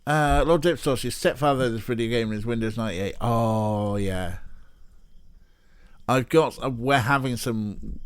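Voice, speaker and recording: A man's voice: fairly low pitch, clear, resonant tone, dry recording. A Welsh man chatting casually and swearing now and then while streaming a game. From Wales. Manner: chatty, swears, laughs easily. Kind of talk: casual let's play chat.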